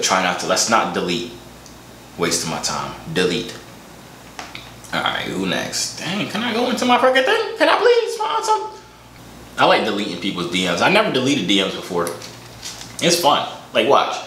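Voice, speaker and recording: A man's voice: lowish voice, sharp tone. A young man hosting comedic reaction commentary, joking and wry while he eats. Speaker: host. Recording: roomy room echo, faint noise.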